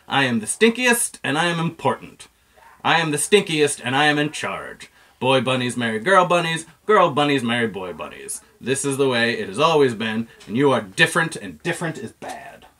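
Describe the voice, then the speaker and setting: A man voicing a pompous, bossy male stink bug who insists he is in charge, in a loud, self-important tone. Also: medium pitch, very animated, moderate pace. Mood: haughty.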